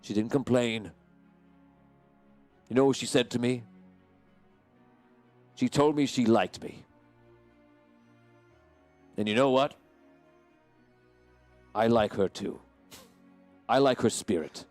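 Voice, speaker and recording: A man's voice: medium pitch, slow, long pauses, soft background music, close to an everyday voice. A man voicing a noble male knight commander who makes impassioned, declamatory speeches in a tabletop game. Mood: earnest.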